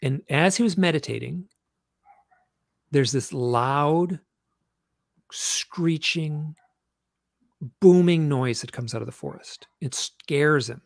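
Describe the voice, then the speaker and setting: Gravelly man telling stories animatedly. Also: a little high, slow pace, pauses often, no echo, clean studio sound. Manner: animated, rambling storyteller with many restarts. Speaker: guest author. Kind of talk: storytelling interview chat.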